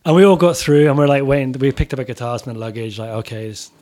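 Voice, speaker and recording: A man's voice: medium pitch, fast talker, mellow. Man telling a sweary band story. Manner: swears freely, acts out quotes, laughs while telling. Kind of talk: casual anecdote.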